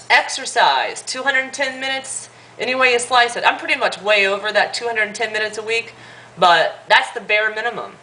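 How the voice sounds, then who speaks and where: A woman's voice: mid-range voice, sharp tone, slight background noise, poor audio. Blunt, fired-up woman in her thirties. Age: 30s. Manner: blunt, fired-up, swears freely. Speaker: vlogger. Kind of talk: casual advice vlog.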